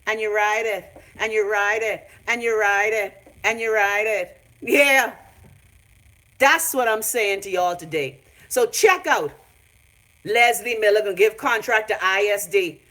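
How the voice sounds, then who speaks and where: A woman's voice: medium pitch, measured pace, bright, forceful tone. A Bahamian woman ranting on a phone live stream from her home, brash, profane and mocking. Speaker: vlogger.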